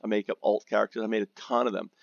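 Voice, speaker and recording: A lower-pitched man with a gravelly, creaky voice, telling a rambling, profanity-laden story about his game. He trips over his words and restarts sentences often. The recording is dry and dull, like a lo-fi mic. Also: fairly even intonation, racing, dry recording. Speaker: gamer recounting guild drama.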